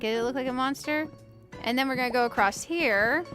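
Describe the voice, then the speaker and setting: A woman with a fairly high, bright voice talks at a fairly quick clip over soft background music. She's hosting a relaxed let's-play for her gaming channel, chatting with viewers while she builds and thinking out loud in a playful, self-deprecating way.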